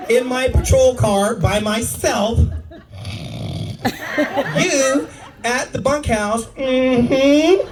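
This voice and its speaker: With an extremely high pitch, this middle-aged comedian speaks very slowly and pauses often as he tells stories on a comedy club stage, playing out the lines of the characters. An audience member recorded him from across the room, leaving him distant amid the noise of a loud, laughing crowd.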